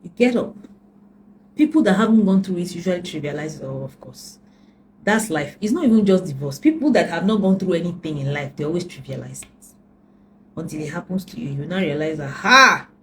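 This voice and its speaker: A woman's voice: lowish voice, animated, fairly quick, slight background noise, low-quality recording. A woman relationship coach giving earnest advice, emphatic and repetitive, often dropping to a near whisper. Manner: emphatic, repeats key lines, drops to near whispers.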